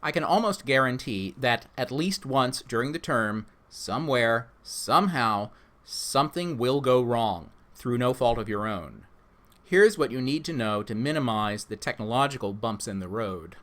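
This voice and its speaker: A man, the instructor, reading a scripted orientation for his online course in a measured, instructive way. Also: medium pitch, animated, a bit bright.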